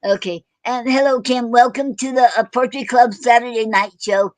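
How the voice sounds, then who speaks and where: A woman hosting a casual online poetry show, talking haltingly with many fillers and self-corrections. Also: a little high, fairly even intonation, no echo, poor audio. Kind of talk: casual live-stream chat.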